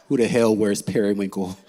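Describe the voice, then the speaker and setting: A man telling a funny personal story to a live audience, animated and laughing as he goes. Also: fairly low pitch. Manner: animated and comic, laughing as he tells it. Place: theater stage.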